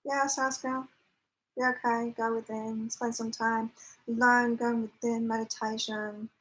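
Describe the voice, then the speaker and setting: A woman's voice: fairly high pitch, little pitch movement, measured pace, fairly bright tone, low-quality recording. A woman hosting a live psychic chat, talking casually with viewers, laughing often and reading out their comments. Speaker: psychic livestream host. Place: temporary lodging, staying away from home.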